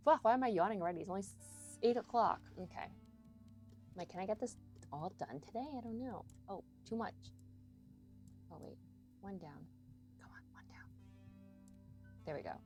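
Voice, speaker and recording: Fairly low-pitched and a little mellow, a young adult woman's voice comes through as she streams a game. Working through a puzzle, she chats casually with her viewers, talks to chat, and swears frequently.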